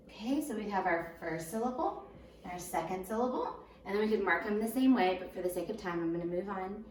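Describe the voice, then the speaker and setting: First-grade teacher, patient, syllable-by-syllable, distant echoey home recording with faint hum. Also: female voice, medium pitch, animated, a little mellow. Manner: patient, slow, sounds words out in syllables. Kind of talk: recorded home lesson for young children. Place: home room. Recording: roomy echo, voice a bit far from the mic.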